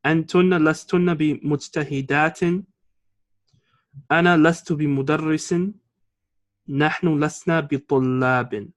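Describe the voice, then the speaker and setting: During a classroom grammar lesson, a male Arabic teacher speaks briskly in a fairly high voice with fairly even intonation, leaving long pauses. He explains patiently, switches between English and Arabic, and asks the class "okay?" and "all right?"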